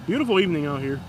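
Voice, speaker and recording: Out on a busy street, a high-voiced man live-streams a vlog commenting on passers-by. He kids around with his chat and pretends to scold drivers going past, over a bit of background noise.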